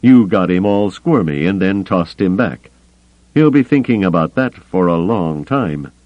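A man's voice: deep voice, expressive, measured pace, no echo, lo-fi sound, pitched above the performer's own voice. A man doing a cocky, grinning ship thief.

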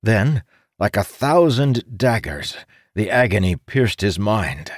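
Male audiobook narrator, low register, dry close sound, dramatic fantasy reading. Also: sing-song, takes it slowly, dry recording. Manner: dramatic reading, voicing characters' shouts.

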